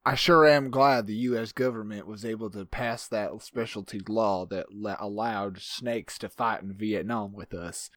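A man playing a violent weapons inventor and war veteran in an improvised comedy role-play, crude, boastful and excitable. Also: fairly low pitch, a little slow, few pauses, no room sound, clean studio sound, pitched below the performer's own voice.

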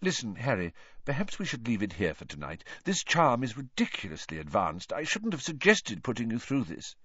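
A man voicing a gentle, tired male teacher who speaks quietly and carefully. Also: medium pitch, wildly swooping pitch, brisk, breathy edge, dry recording, dull audio, full character voice.

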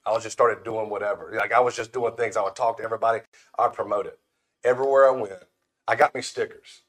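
Guesting on a podcast, a brand founder from the Florida panhandle tells folksy stories in a casual chat, performing the voices of those he quotes. He talks quickly in a lowish, slightly bright voice with fairly even intonation.

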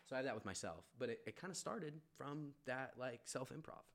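A man's voice: lively intonation, brisk, a bit bright. A man, a podcast guest, talking casually and candidly, swearing freely, rambling with restarts and bursting into laughter. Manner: laughs often, jumps up sharply in pitch when amused. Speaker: podcast guest, barbershop owner. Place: studio room, leaning against a wall.

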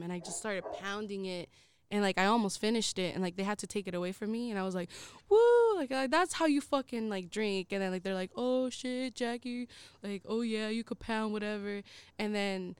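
A woman's voice: medium pitch, smooth, no echo. A young woman, co-hosting a casual podcast and telling a long story, rambling with many "likes" and frequent swearing. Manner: rambling, heavy use of filler "like", swears often. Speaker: co-host.

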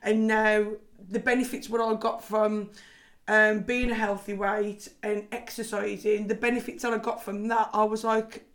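A woman's voice: mid-range voice, flat delivery, moderate pace. A woman with a Scouse accent, a personal trainer chatting as a podcast guest, talking freely with lots of fillers and frequent laughs. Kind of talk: casual podcast chat.

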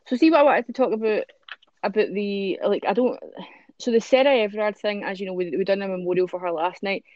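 A woman's voice: mid-range voice, a little fast, a little mellow, no room sound, muffled recording. A woman hosting a podcast, chatting casually with many fillers and reading out newspaper stories. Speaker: podcast host.

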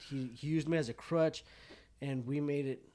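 A man's voice: fairly high pitch, steady tone, normal speed, warm tone. A man casually telling a rowdy story to friends, swearing and laughing as he goes.

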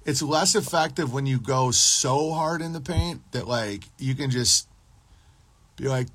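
Husky-voiced man in a profane rambling rant. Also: medium pitch, unhurried, fairly bright tone, no echo. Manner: crude, profane, rambling, boastful. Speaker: podcast host reading live chat. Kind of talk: casual livestream rant.

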